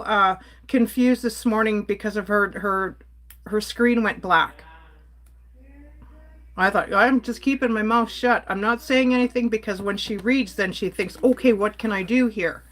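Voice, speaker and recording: A woman's voice: a little high, normal speed, a bit bright. A woman from Canada ranting on a casual livestream, exasperated and blunt while she reads and answers her chat. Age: adult.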